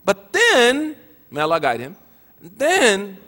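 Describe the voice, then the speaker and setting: A man's voice: high-pitched, wildly swooping pitch, slow pace, sharp tone. A man giving a teaching talk at a religious gathering, mixing joking asides with earnest points, in a hall with a long echo.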